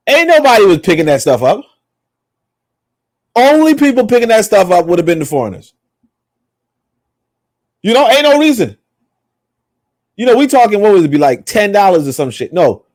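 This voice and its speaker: A man's voice: high voice, big pitch swings, moderate pace, pauses often, a little mellow, no room sound, clean studio sound. A man co-hosting a podcast, talking in a rambling, emphatic, profane way. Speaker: podcast co-host. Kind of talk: casual opinionated chat.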